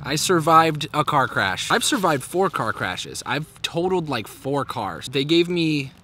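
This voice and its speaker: A man's voice: fairly high pitch, sing-song, measured pace, bright, forceful tone, slight background noise. A man in his twenties, vlogging outdoors in a park and talking candidly and profanely in a casual reflective monologue. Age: 20s.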